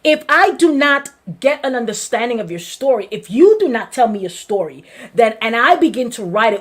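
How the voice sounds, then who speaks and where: A woman pastor with a Brooklyn accent, hosting a weekly talk in an animated, conversational preaching style, often repeating her phrases. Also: fairly high pitch, normal speed. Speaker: pastor and show host.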